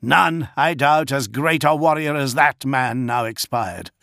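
A man voicing a defiant male warrior speaking grimly to a monster, in a gravelly voice. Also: mid-range voice, a little slow, pushed and bright, no room sound, studio quality, pitched above the performer's own voice. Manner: grim, defiant.

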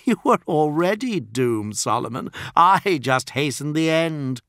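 A man's voice: medium pitch, expressive, normal speed, fairly bright tone, no echo, studio quality, voice pushed up, lightly acted. A man voicing a smug, arrogant male warrior swordsman who sneers at his comrade, in an audiobook. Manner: sneering and supercilious. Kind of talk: audiobook character voice.

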